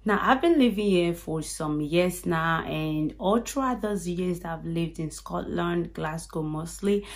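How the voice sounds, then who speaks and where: A woman with a Nigerian accent, chatting straight to her viewers in an animated, casual vlog. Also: fairly low pitch, a little slow. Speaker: YouTube vlogger. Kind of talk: casual direct-to-camera vlog.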